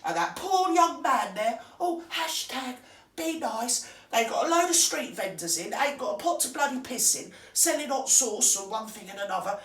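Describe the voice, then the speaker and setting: A woman's voice: on the high side, lively intonation, moderate pace, a bit bright. A woman doing a crude, scornful comic rant about gossip. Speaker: comic character host. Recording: roomy, distant from the mic.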